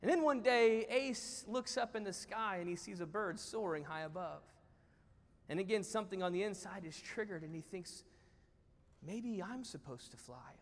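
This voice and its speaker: A pastor preaching a sermon in a church, telling a story in an animated way with playful asides. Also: male voice, sits high, moderate pace. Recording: church hall reverb.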